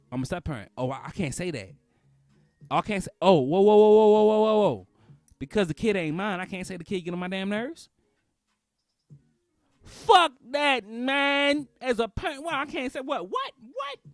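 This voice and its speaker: Animated man with wide-swinging delivery. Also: mid-range voice, dry recording. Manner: animated, loud outbursts and cussing, repeats phrases. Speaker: podcast host. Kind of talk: comedic casual monologue.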